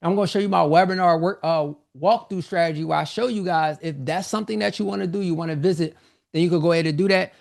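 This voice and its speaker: A man pitches his course on a live webinar, loose and energetic, repeating himself as he goes. His voice sits a touch high and has a gravelly rasp. He sounds slightly out of breath. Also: fast. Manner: energetic, repetitive, informal salesman talk. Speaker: online business coach hosting a live sales webinar.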